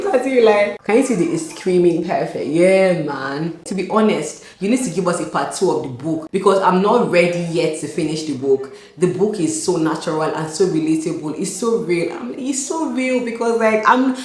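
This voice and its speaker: A woman's voice: lowish voice, animated, moderate pace, few pauses, a little mellow. A young Nigerian woman vlogging with exuberant energy, repeating herself and laughing often. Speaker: author and vlogger. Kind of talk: excited casual vlog. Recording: echoey room with faint hum.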